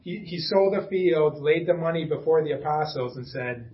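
In a church room with a small congregation, a male pastor delivers a conversational sermon at a moderate pace, his voice slightly high. He's casual and chatty, making self-deprecating asides and restarting often, and the audio is lo-fi.

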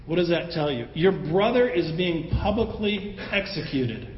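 A man preaching a sermon in a conversational, animated way, acting out the voices of the people in his story. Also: on the high side, a little slow, slight background noise. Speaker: pastor. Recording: roomy hall with long echo, dull sound, faint ambience.

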